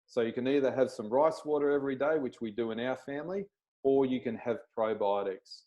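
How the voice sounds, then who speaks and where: A man's voice: medium pitch, a little fast, dark tone, lo-fi sound. A man, a chiropractor, giving a plain-spoken explanatory talk over a video call and checking in with his listeners.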